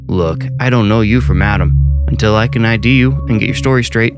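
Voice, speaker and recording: A man's voice: fairly low pitch, brisk, close to an everyday voice. A man voicing a wry, easygoing male night-shift cop with a friendly but firm manner. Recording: narration over clear background music.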